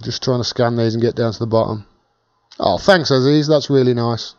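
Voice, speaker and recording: A man's voice: medium pitch, normal speed, no room sound, highs cut off. A British man hosting a casual live-stream Q&A, chatting and thanking viewers by name as he reads their comments.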